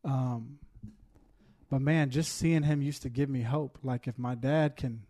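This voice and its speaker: In a casual testimony chat, a man shares something deeply personal in a dark, mellow voice. He keeps a flat, steady pitch, though he stops for fillers and fights back tears.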